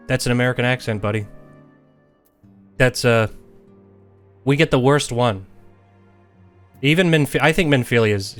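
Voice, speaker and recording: A young man chats loosely while streaming a game, rambling and cracking jokes about the characters' stilted speech. His voice sits mid-pitched and ordinary. Faint game music hums underneath. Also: a bit bright. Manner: rambling, joking, mocking imitations of characters. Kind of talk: casual gameplay commentary.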